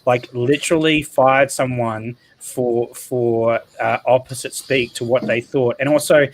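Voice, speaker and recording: A man's voice: mid-range voice, steady tone, measured pace, poor audio. A man co-hosting a heated podcast chat, rambling with lots of fillers and talking over others. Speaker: podcast co-host.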